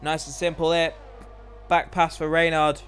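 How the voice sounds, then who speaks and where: A man commentating live on an online racing league, excitable, his voice climbing whenever an overtake happens. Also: on the high side, moderate pace, soft background music.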